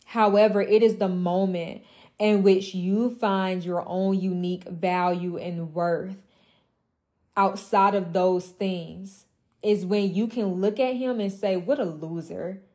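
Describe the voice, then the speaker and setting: Blunt, emphatic woman with a mellow voice. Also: medium pitch, fairly even intonation, slow. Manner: emphatic, repetitive, blunt and profane, with mocking asides. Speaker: women's mentor. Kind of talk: impassioned motivational monologue.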